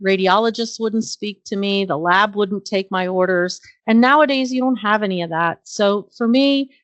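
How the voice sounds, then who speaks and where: A woman's voice: mid-range voice, moderate pace, no room sound. A middle-aged woman who works as a nurse practitioner, a guest in an interview. She tells career anecdotes earnestly, with frequent ums and uhs. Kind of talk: conversational storytelling interview.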